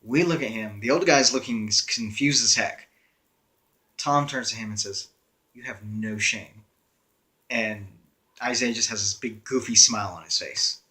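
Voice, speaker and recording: A man's voice: medium pitch, normal speed, pushed and bright. A young man casually telling a story in a wry, conversational way, with frequent "uh" fillers. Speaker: storyteller vlogger.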